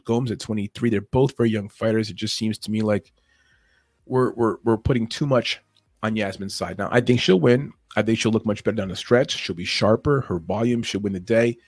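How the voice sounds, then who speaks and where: Fight betting odds get a loose, podcast-style rundown from an MMA betting analyst whose voice sits fairly low. The recording is dry. He speaks quickly and casually, keeps restarting sentences, and laughs at his own observations.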